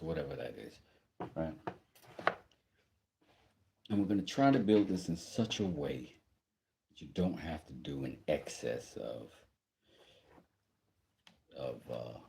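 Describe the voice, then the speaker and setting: A man's voice: extremely low pitch, vocal fry, background noise. A man chatting casually on a livestream as he does woodworking, joking and greeting viewers. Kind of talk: casual livestream chat while working. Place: workshop.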